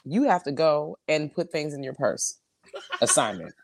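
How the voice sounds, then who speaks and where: A woman co-hosting a podcast in casual, expressive chat. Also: low voice, gravelly, no echo, clean studio sound. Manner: animated, expressive, quick asides. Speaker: podcast co-host.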